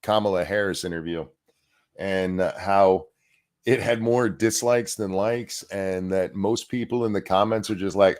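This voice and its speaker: A man's voice: deep voice, unhurried, darkish tone. Rambling, foul-mouthed man hosting a stream. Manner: rambling and profane, with frequent restarts; sarcastic. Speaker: livestream host. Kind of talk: casual livestream commentary.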